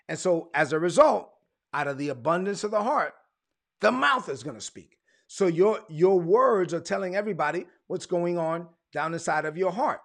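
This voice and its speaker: A man preaches with emphatic repetition, leaning on key words by slowing right down. His voice sits high and husky, with a gravelly fry running through it. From Brooklyn, United States. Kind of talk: sermon.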